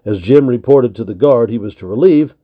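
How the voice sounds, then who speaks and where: A man's voice: medium pitch, fairly quick, no echo. A man reading a frontier adventure story aloud for children, in a friendly storyteller's manner. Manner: friendly, addresses young listeners. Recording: tinny narrow lo-fi recording.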